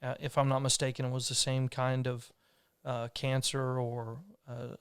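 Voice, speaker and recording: A man's voice: medium pitch, level tone, moderate pace, clean tone, dry recording. Man, podcast host, earnest rambling storyteller, dry close sound. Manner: earnest, rambling with restarts and fillers. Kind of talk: casual conversational storytelling.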